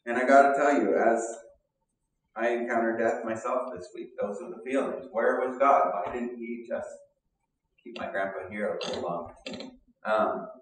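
A man's voice: medium pitch, slight background noise. Guy preaching a sermon, super echoey, sounds a bit far off from the mic. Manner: earnest, conversational preaching with pauses and fillers. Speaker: pastor. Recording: echoey room, mic at a distance.

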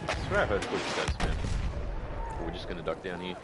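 An Australian man chatting excitably while streaming a shooter game, swinging from loud outbursts to low muttering. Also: a little fast. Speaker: gaming streamer. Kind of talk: live gameplay commentary. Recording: gunfire and battle noise behind.

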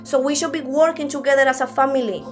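A woman's voice: sits high, steady tone, fast talker, faint music behind. A woman preaching a sermon at a church service in a conversational way, often restarting her sentences.

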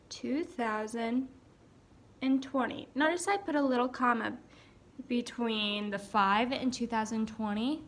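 A young woman teacher giving a recorded writing lesson, saying each word slowly aloud as she writes it down. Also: on the high side, slight background noise. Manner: slow, dictating words aloud as she writes. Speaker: elementary school teacher.

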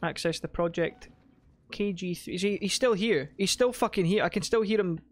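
A man hosting a casual let's-play, excitable and swearing, with sudden loud shouted bursts between muttered remarks. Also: sits high, normal speed. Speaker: gaming host.

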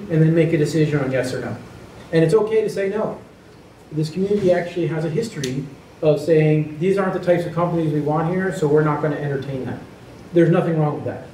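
Guy giving a presentation, kinda high voice, stresses words by repeating them, mic far off w faint hiss. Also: mellow. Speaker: economic development consultant. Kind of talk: presentation to community leaders. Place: meeting room. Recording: echoey meeting room from far off.

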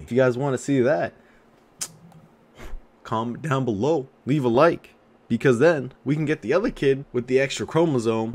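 A man's voice: mid-range voice, a little mellow. A young man reading viewer comments in a casual vlog, joking and crude, swinging between mumbles and outbursts. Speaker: YouTuber.

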